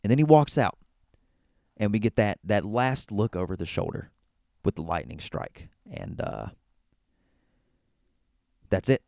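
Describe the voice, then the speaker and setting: A man's voice: on the low side, very animated, a little slow, creaky, long pauses, a little mellow, no room sound, studio quality. A man hosting a solo wrestling talk show, recapping an event in an enthusiastic, rambling way with frequent restarts. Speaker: wrestling podcast host. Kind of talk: casual solo commentary.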